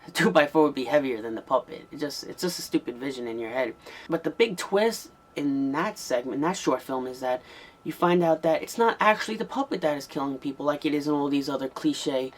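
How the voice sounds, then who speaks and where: A man's voice: a little high, animated, fairly quick. A man giving a casual, rambling spoken review of an old horror tape, with frequent ums and restarts. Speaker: VHS movie reviewer.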